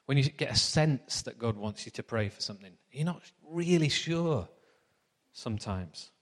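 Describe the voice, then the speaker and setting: A man's voice: medium pitch, lively intonation, normal speed, long reverb tail. A man preaching a sermon in a chatty, anecdotal storytelling manner.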